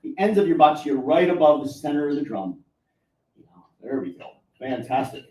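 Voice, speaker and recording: A man's voice: on the high side, animated, moderate pace, warm tone. Upbeat male drum teacher in an echoey room. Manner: upbeat, encouraging, self-deprecating jokes. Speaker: taiko instructor. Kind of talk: leading a live audience drumming workshop. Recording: echoey room from far off, faint music.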